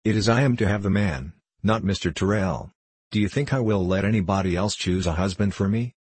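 A man's voice: lowish voice, a little fast, breathy edge, no room sound. A man reading a stubborn young lady. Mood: earnest. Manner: earnest, protesting. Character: spirited young gentlewoman, innocent and stubborn. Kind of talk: audiobook character reading.

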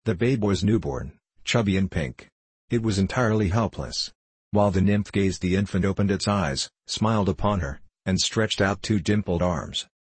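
A man narrating a storybook in a measured, calm reading. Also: low-pitched, slightly rough, no room sound. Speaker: audiobook narrator.

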